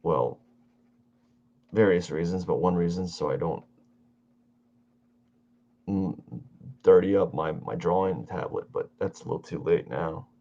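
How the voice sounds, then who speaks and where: A tired, yawning man chatting casually while he draws on a live stream, rambling and halting with many fillers. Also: low voice, creaky, warm tone, highs cut off. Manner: meandering, halting, self-talk with fillers. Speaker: artist streaming his drawing.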